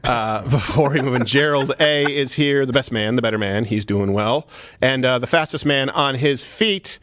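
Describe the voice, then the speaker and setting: A man's voice: medium pitch, moderate pace, fairly bright tone. Brash, sarcastic male talk show host. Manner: sarcastic, brash, laughing at own jokes. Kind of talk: political comedy talk show.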